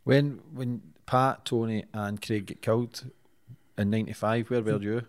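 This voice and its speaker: A man's voice: fairly low pitch, steady tone, measured pace. A man who interviews his guest, asking short prompting questions. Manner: brief, prompting.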